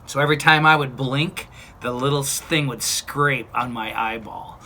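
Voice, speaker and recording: A man in his fifties tells his own story straight to camera, blunt and chatty, tossing in playful asides. His voice sounds bright and forward. A faint background hiss runs under it. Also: mid-range voice, normal speed. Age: 50s. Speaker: vlogger. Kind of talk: casual personal story to camera.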